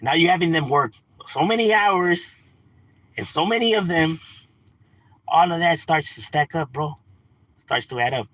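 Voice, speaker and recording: A man's voice: on the high side, expressive, a little slow, long pauses, a bit bright, no echo. A man ranting casually on a livestream, swearing, slangy and laughing often. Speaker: livestream host.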